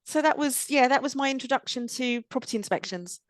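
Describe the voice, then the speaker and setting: A woman's voice: high voice, a little fast, no echo. Woman host, dry close sound, plain matter-of-fact storytelling. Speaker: host, property professional. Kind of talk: casual anecdote telling.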